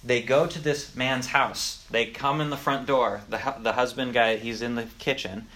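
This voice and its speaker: A man's voice: mid-range voice, steady tone, normal speed, pushed and bright. A young man teaching Sunday school, telling a story in a chatty, conversational way with asides. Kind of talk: casual storytelling lesson.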